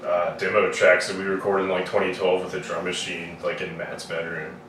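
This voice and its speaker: A man's voice: deep voice, completely flat delivery, brisk. A man in a band, cutting in with jokes and short remarks in a casual podcast chat. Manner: joking interjections. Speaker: band member, guest. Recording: roomy, distant mic with clear background noise.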